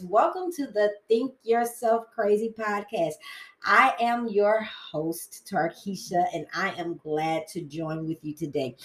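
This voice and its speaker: A woman's voice: a little high, reverberant, rough recording. A woman hosting her own podcast, chatty and prone to tangents, talking about her faith. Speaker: podcast host. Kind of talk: casual solo podcast talk.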